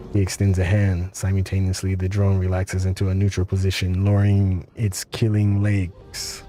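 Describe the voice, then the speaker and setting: A man streaming a game, reading its text aloud in a steady, even way. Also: low voice, moderate pace, few pauses, faint music behind.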